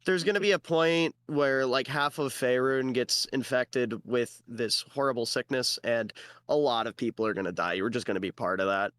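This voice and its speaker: A man narrating as game master in a relaxed way, with lots of fillers. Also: mid-range voice, normal speed, no echo.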